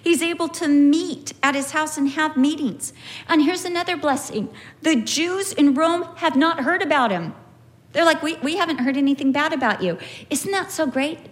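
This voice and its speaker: A middle-aged woman teaching from the Bible in a conversational way, telling lively stories and acting out the people in them. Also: high-pitched, moderate pace. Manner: animated storytelling, acts out quoted people.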